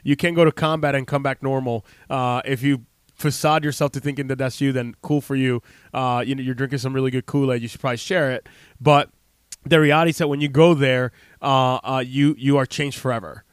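Earnest, rambling man with smooth voice. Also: mid-range voice, fairly even intonation, a little fast, no room sound, clean studio sound. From United States. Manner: rambling, heartfelt, heavy with fillers and restarts. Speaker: health practitioner speaking to camera. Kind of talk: casual unscripted monologue.

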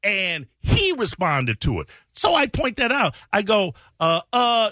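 A man tells a story on his radio show in an animated, sarcastic way and reads out tweets in mocking voices. His voice is bright and swings widely in pitch. The sound is dry and close to the mic. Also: unhurried, few pauses, no echo. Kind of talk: casual talk-radio storytelling.

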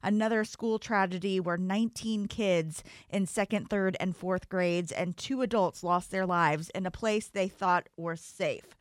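Lady co-host on morning radio, even voice, dry studio sound. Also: lowish voice, a little slow, few pauses, no room sound. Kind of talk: casual radio chat.

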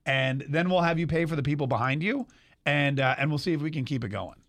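A man's voice: fairly high pitch, expressive, quick pace, fairly bright tone. A man hosting a morning radio show, chatting casually and rambling with fillers.

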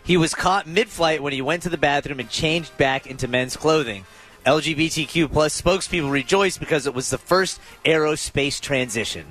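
A man's voice: fairly high pitch, moderate pace, a bit bright, faint music behind. A man co-hosting a radio comedy show, reading joke setups and laughing through his punchlines. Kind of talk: joking banter.

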